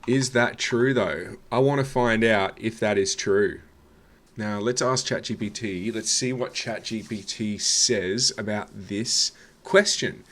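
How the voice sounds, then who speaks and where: Slow, low-voiced sarcastic man. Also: fairly bright tone. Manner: sarcastic, dry, mocking. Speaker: comedy reaction reviewer. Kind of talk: reaction commentary.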